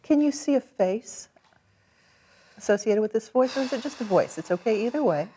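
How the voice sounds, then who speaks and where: A woman guiding a client through a tapping session, calm and gently directive, encouraging as she gives each step. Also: fairly high pitch, moderate pace, a little hiss or hum. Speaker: tapping practitioner.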